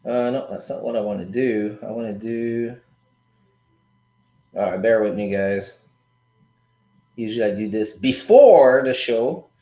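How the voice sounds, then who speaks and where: Speaking a little slowly with frequent pauses, a man with a fairly low, dark voice hosts a casual forex livestream from an echoey room. He chats loosely with his viewers, breaks down trades, swears casually and keeps saying "guys" and "dude."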